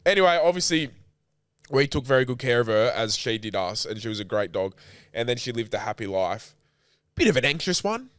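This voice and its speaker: A man on a podcast pours out an emotional story, rambling and swearing as he goes. His voice sits at an ordinary middle pitch. The sound is dry and close, with no room around it. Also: big pitch swings, a little fast, fairly bright tone, clean tone, no echo. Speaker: podcast co-host. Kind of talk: casual podcast chat.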